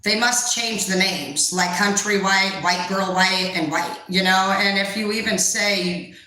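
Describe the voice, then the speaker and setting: Foul-mouthed young woman, bright and echoey. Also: mid-range voice, steady tone, unhurried. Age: young adult. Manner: profane, blunt, rambling. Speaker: tarot reader. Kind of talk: casual vlog reading. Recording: echoey room.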